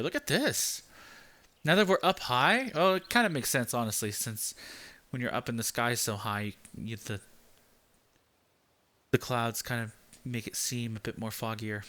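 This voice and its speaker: A young man giving casual gameplay commentary, rambling with lots of fillers and keeping his voice deliberately high. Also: bright, forceful tone. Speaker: game channel host.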